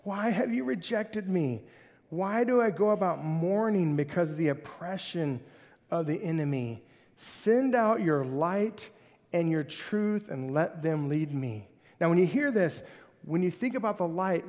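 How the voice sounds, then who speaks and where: A male pastor preaching a sermon with animated, conversational delivery that swings between loud and soft. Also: fairly high pitch, measured pace. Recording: hall reverb.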